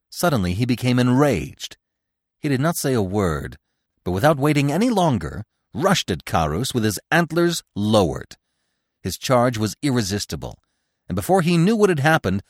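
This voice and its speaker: A man, the podcast host, narrating a classic storybook in an expressive, dramatic way. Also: lowish voice, dry recording, clean studio sound.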